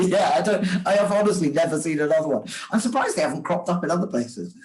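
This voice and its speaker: Guest, author type: animated, bouncy pitch, laughs mid-story. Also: male voice, rough recording. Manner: animated, laughing, quick restarts. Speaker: author and sandwich shop owner, guest. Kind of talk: casual storytelling chat.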